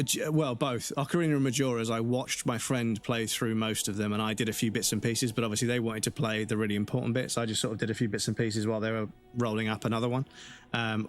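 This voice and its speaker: A man streaming a game live, chatting casually with viewers and venting his exasperation in a rambling way. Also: mid-range voice.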